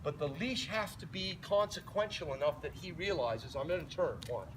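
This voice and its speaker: A man with a fairly high, lively voice teaches a leash lesson outdoors, talking through each step and cheerfully praising the dog between explanations. He sounds a bit away from the mic, with plenty of outdoor noise around him. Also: normal speed. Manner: explains while walking, breaks off to praise the dog in a light voice. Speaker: dog trainer. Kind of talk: outdoor training demonstration. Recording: distant mic, noisy outdoor.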